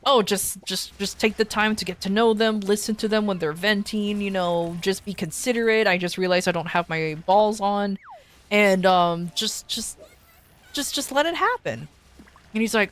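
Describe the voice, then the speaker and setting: This streamer speaks at a moderate pace in a mid-range voice, telling a long personal story in a casual, rambling way full of restarts. Quoting others, she acts out their voices with animation.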